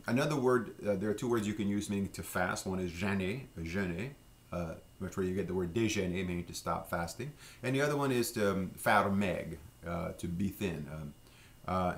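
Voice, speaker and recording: Low gravelly man teaching. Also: a bit bright. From Louisiana. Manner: unhurried, with many fillers and slow repeated pronunciations. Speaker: French language teacher. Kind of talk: relaxed vocabulary lesson.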